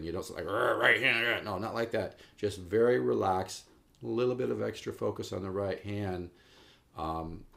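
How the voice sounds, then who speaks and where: Low gravelly man teaching guitar. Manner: relaxed, encouraging, addresses viewers as folks. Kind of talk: casual video guitar lesson. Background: guitar playing.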